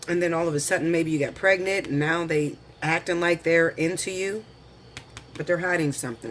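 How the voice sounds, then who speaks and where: Chatty man reading tarot cards, high voice. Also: noisy background. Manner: chatty and slangy, calls viewers honey and girl; lists the cards slowly, then talks them through. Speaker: tarot reader.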